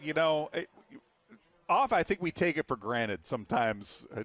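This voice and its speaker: A man's voice: mid-range voice, a little slow, fairly bright tone. A man calling a race on a live broadcast, enthusiastic and full of exclamations, speaking from the broadcast booth. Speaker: race commentator.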